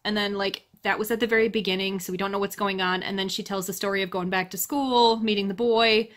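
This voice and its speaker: A woman's voice: medium pitch, a bit bright. A woman giving a casual book review in a chatty, candid way. She laughs often and drops blunt, exasperated asides.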